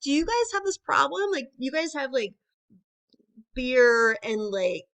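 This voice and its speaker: A woman's voice: sits high, sing-song, measured pace, a bit bright. A young woman doing conversational stand-up comedy, chatty with lots of filler words and rising asides to the crowd.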